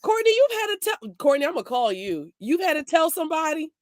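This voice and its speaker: Teasing woman host, high voice. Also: big pitch swings, fast talker, no room sound, clean studio sound. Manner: teasing, joking, breaks into laughter. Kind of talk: playful chat with guests.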